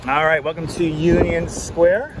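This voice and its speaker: A man livestreams while walking busy city streets in summer heat, chatting casually and greeting viewers by name through a wireless clip-on mic. His voice is fairly high, steady in tone and a little slow, with street traffic noise behind him.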